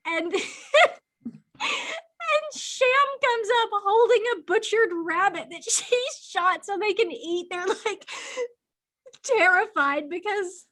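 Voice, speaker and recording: A woman co-hosts a casual book podcast. Her voice sits high, and she speaks slowly and deliberately. She gushes about what she loves and keeps breaking into laughter. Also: a bit bright. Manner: gushing, breaks into laughter often. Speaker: podcast co-host.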